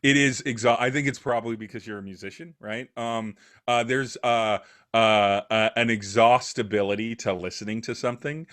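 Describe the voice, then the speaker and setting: A man's voice: mid-range voice, steady tone, moderate pace, a bit bright. A man chatting as a podcast guest, thoughtful and rambling, with lots of "uh" and "um". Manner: thoughtful, rambling, many fillers. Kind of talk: casual conversation.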